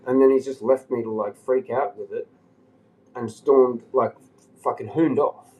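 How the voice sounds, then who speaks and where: A man's voice: medium pitch, steady tone, measured pace, darkish tone, rough recording. A man on a livestream telling a long rambling story, agitated and swearing often. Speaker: live streamer.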